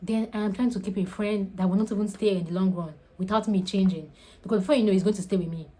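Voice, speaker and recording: A woman's voice: medium pitch, fairly even intonation, fast, mellow, rough recording. A young Nigerian woman giving casual, earnest advice in a vlog, repeating her points for emphasis. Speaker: faith and lifestyle vlogger.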